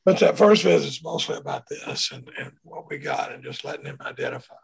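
Gravelly, husky man telling stories. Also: medium pitch, fairly quick. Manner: animated, acts out quoted voices. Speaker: recovery speaker. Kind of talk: conversational storytelling.

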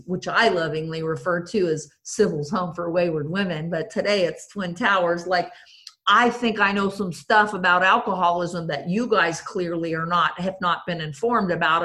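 A woman's voice: on the low side, moderate pace, pushed and bright. A woman sharing her recovery story at a meeting, self-mocking and funny, and she keeps addressing the room directly. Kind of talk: humorous personal testimony at a recovery meeting.

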